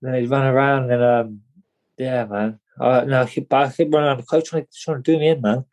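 Young guy telling a story, rambles and repeats himself, says mate a lot, mid-pitched voice. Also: steady tone, fast, darkish tone, poor audio. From England. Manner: rambling, repeats words, slangy, calls listener mate. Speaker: guest, boxer. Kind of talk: casual storytelling interview.

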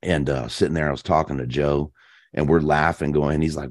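A man telling hunting stories as a podcast guest in a casual, animated way, full of slang. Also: extremely low pitch, a little fast, no room sound, clean studio sound. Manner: animated, slangy, peppers speech with "man" and "dude". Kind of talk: casual storytelling chat.

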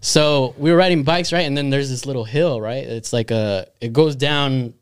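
A man's voice: mid-range voice, moderate pace, over a noisy crowd. A young man on a podcast, casually telling a story, swearing a lot and laughing often. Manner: profane, animated, laughs often. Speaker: podcast co-host.

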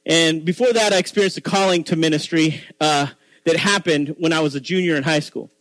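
A man's voice: fairly high pitch, a little fast, a bit bright, no room sound, low-quality recording. A man in his forties from Texas with a Texan accent, giving an informal, chatty sermon full of self-deprecating asides and restarts. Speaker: guest preacher.

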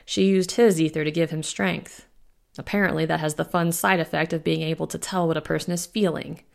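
A woman voicing a male werewolf alpha with a rumbling, sardonic manner. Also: fairly even intonation, a little fast, gravelly. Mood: wry.

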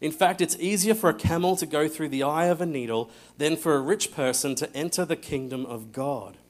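Man preaching with a higher voice. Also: fairly quick. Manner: animated storytelling, acting out scripture voices, often dropping to a hush. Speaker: pastor. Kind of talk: sermon.

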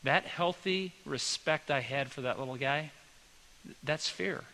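A man preaching a sermon with a bright, forward voice. He keeps it folksy and conversational and drifts into homespun stories. A faint hiss sits under the recording. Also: fairly high pitch, unhurried, poor audio. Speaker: pastor.

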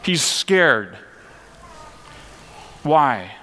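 Earnest pastor with a bright voice. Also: male voice, medium pitch, big pitch swings, extremely slow, big-room sound. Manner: earnest, conversational preaching with rhetorical questions. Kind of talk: sermon.

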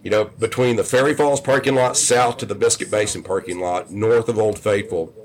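A man's voice: lowish voice, brisk. Rambling storyteller man in his fifties. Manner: rambling, with frequent restarts. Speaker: podcast guest. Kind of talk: casual storytelling.

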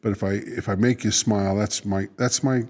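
A man co-hosting a casual chat show, who talks haltingly, restarts and repeats words, and laughs often. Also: fairly low pitch, steady tone, a little mellow. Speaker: co-host.

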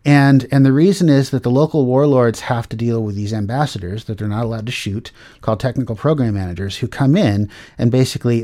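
A man's voice: mid-range voice, mellow. A middle-aged man hosting a casual tech talk show, rambling with many fillers and restarts. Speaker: podcast host.

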